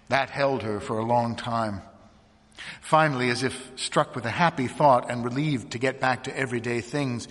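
A man narrating a story aloud in a measured, hushed reading voice. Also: medium pitch, lively intonation, slightly rough, big-room sound.

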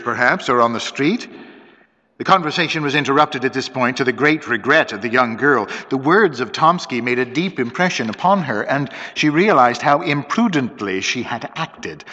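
A man narrates a story with a dramatic, varied reading. His voice is bright, and his pitch rises and falls a great deal. It is heard through a dull, lo-fi recording with a long hall reverb.

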